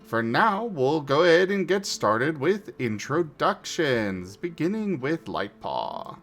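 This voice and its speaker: A man opens a tabletop game stream with a showy, announcer-like delivery. His pitch leaps and swoops as he talks, and he takes his time over each phrase. Soft guitar music plays behind him. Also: big pitch swings, slow, hardly any pauses. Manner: theatrical, playful announcer delivery. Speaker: host and player.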